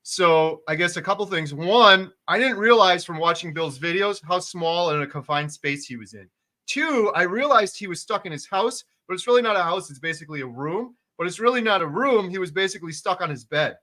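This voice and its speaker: A middle-aged man hosts a casual livestream, his voice higher and brighter than most men's. He tells the story earnestly and plainly, often chiming in. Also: animated, brisk. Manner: earnest, matter-of-fact storyteller who chimes in. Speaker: host.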